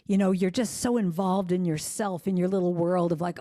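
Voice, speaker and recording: A woman giving an animated spiritual talk, telling stories and acting out the voices she quotes, speaking to an online congregation. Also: on the low side, fairly quick. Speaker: guest speaker and singer. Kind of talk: spiritual talk over video call. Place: congregation service streamed to viewers on gallery view. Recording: long hall reverb.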